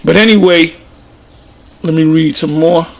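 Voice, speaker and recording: Man, gravelly voice, a bit higher pitched, emphatic informal preaching, repeats himself. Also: steady tone, measured pace. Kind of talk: informal religious commentary.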